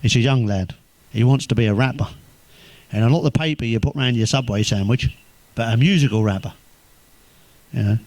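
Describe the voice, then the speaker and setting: English male comic, foul-mouthed deadpan joke-teller, dry close sound. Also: medium pitch, normal speed, dry recording. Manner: swears constantly, deadpan one-liners, chuckles at own jokes. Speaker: stand-up comedian. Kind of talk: crude stand-up joke telling.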